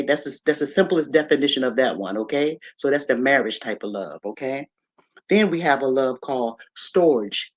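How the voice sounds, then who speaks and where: A livestream host speaking in a mid-range voice, relaxed and conversational. They keep checking in with "okay?" and "right?" and slow down to spell out words letter by letter. They greet viewers by name as they join. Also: medium pitch. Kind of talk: casual live-stream talk on a faith-tinged topic.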